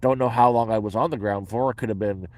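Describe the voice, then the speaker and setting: A man's voice: lowish voice, quick pace, a little mellow, no room sound. A man from Canada, talking casually and bluntly about his life, with some swearing. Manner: blunt, profane, matter-of-fact. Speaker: vlogger answering viewer questions. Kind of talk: casual chat. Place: his shelter.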